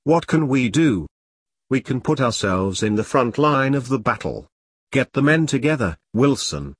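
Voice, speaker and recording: A man's voice: medium pitch, big pitch swings, husky, dry recording. A man reading the part of a pompous, bossy middle-aged army captain, in a dry voice. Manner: bossy, brisk, dismissive. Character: pompous self-important middle-aged male platoon captain.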